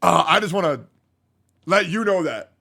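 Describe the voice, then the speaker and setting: A man streaming live, reacting to a video and reading viewer comments aloud in a joking, profane way that swings between loud hype and low mumbling. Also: animated, moderate pace, creaky, a little hiss or hum. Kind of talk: casual livestream reaction chat.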